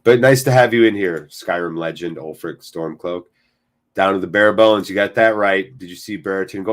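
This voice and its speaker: A man hosting a live football watchalong from a cold room attached to his house, commentating with excited, jokey chatter and replying to viewers. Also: low-pitched, normal speed.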